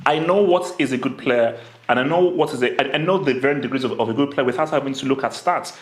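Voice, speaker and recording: A man co-hosting a football podcast, making his case in measured lists with frequent "I mean" fillers. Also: medium pitch. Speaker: podcast co-host. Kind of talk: casual football chat. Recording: echoey room with faint noise.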